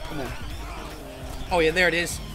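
A man doing excited gameplay commentary for his channel, swinging between muttered play-by-play and outbursts of shouting and cursing. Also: a little high, normal speed, a faint crowd. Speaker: gaming channel host. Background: game music.

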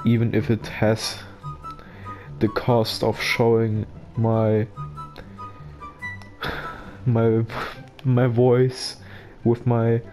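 A man with a German accent giving casual gaming commentary in a flat monotone, joking to himself over a basic microphone. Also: medium pitch, drawn-out words, pauses often, soft background music. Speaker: gameplay commentator.

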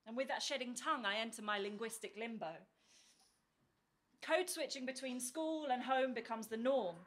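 A woman from northeast England with a soft southern English accent, performing spoken word poetry with rhythmic, rhyming delivery and dramatic pauses. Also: on the high side. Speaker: poet and teacher.

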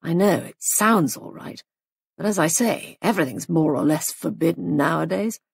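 A woman voicing a young husband who talks in a gloomy, matter-of-fact way, dropping her voice lower. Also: normal speed, vocal fry, slightly rough, no echo.

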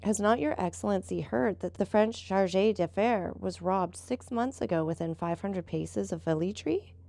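Woman narrator doing a steady old-hand boat captain, explaining, gravelly texture. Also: medium pitch, normal speed, no room sound, natural voice. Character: seasoned male boat captain, calm and knowing.

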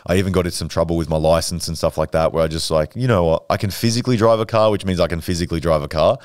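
Brash guy in his 20s, deep and quick, smooth clear voice, dry close sound, swears freely. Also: darkish tone, dry recording. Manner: brash, profane, boastful storytelling. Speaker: podcast guest. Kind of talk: casual podcast chat.

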